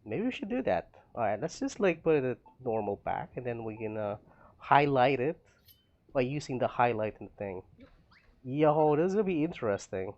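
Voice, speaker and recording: A man's voice: medium pitch, big pitch swings, normal speed, dull audio. A man streaming a building game, rambling to himself with frequent laughs as he plays. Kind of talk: casual gameplay commentary.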